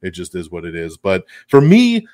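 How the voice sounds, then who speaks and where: A man hosting a podcast in a casual chat, animated and full of fillers, chuckling often. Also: deep voice, moderate pace, no echo. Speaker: podcast host reviewing a film.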